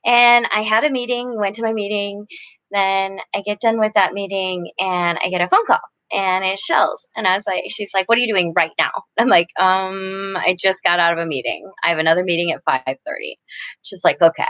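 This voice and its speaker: A woman's voice: medium pitch, moderate pace, fairly bright tone, no room sound. A middle-aged woman hosting a casual live chat, talking earnestly and gushing with many restarts. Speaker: livestream host.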